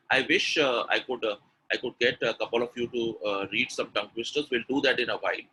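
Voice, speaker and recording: A spoken English trainer with an Indian English accent runs a live pronunciation webinar, energetically drilling sounds aloud, repeating words, and coaxing the audience to type in the chat. His voice is medium-pitched and a little fast, and the poor audio carries slight background noise.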